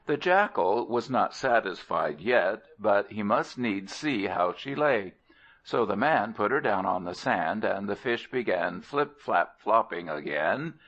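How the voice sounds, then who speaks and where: Slow, low-voiced male storyteller. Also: animated, a bit bright. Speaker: audiobook narrator. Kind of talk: storybook narration. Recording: dull lo-fi recording.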